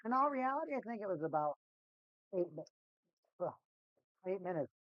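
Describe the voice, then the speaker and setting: A woman hosting a casual live stream at home, chatty and repeating her catchphrases in excited bursts. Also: medium pitch, moderate pace, no echo, muffled recording.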